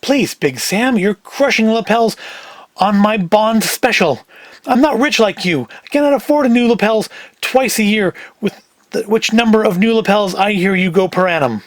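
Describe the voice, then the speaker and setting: A man's voice: high voice, moderate pace, dry recording, voice pushed up, natural voice. A man voicing a small, nervous male gambling fixer from New York in a cold-read of a script; he pleads in a jittery, wordy way. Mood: pleading.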